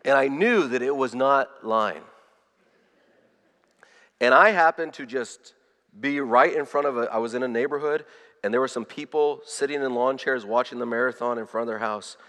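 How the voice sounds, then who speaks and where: A man preaching a sermon, telling a personal story with animated swings from loud to hushed and frequent repeated words. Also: mid-range voice, normal speed. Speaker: pastor. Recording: long reverb of a large hall.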